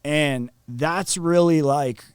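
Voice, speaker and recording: A young man from Florida, a podcast guest telling a story in a casual, profane, animated way. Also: a little high, slow pace, clear, resonant tone, no echo, studio quality. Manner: animated, profane, acts out quotes.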